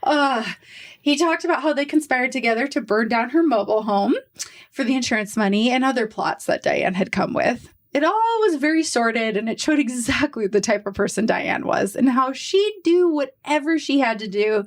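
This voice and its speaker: A fairly high-voiced woman hosts a podcast and tells a true crime story as a relaxed, chatty talk. Her delivery is animated, with quick asides. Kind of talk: casual storytelling chat.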